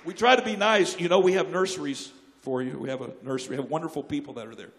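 A man preaching a sermon, telling jokes and stories and breaking into sudden loud outbursts. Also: a little high, quick pace, a little hiss or hum. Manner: joking, animated storytelling with sudden loud outbursts. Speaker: pastor. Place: church sanctuary. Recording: long church hall reverb.

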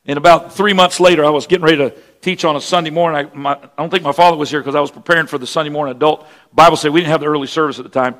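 A male pastor with a high, bright and forceful voice tells a story in his sermon. He drops to hushed narration, then rises to shouted praise. Long reverb from a church hall hangs behind him. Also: steady tone, rapid-fire, hardly any pauses. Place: church sanctuary.

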